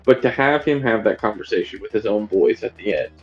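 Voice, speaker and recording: Rambling podcast man, lowish voice. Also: expressive, fairly quick, lo-fi sound, soft background music. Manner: rambling, frequent fillers and restarts. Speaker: podcast co-host. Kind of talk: casual film discussion.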